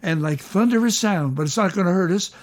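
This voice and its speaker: An older man hosting a casual chat, explaining hymn harmony with enthusiasm, sometimes slowing down for emphasis and humming bits of melody. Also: sits high. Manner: enthusiastic, sings melody fragments, slows for emphasis. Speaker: host, music teacher.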